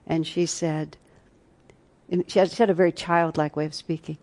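A woman's voice: sits low, steady tone, normal speed. A woman teaching a spiritual retreat class, telling personal stories in an earnest, reflective way. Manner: reflective, earnest storytelling with soft asides.

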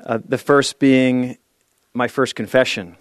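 A man tells stories with a playful, self-deprecating touch as he gives his sermon. He guides the listeners through an exercise and a quiet moment of meditation. His voice sits at an ordinary middle pitch. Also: flat delivery, slow pace, dry recording. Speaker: speaker at a spiritual service.

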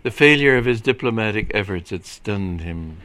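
A man reading a comic story aloud in a dry, measured way. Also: fairly low pitch, lively intonation, a bit bright. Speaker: reader.

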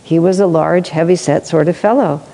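A woman telling stories in a reflective spiritual discussion, thoughtful, with asides and soft laughs. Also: on the low side, fairly even intonation, moderate pace. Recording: long hall reverb.

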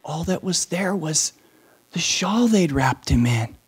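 Brief: a lively man telling a story to children, voice a bit high, asks questions. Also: slow pace, husky. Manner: animated, asks the listeners questions.

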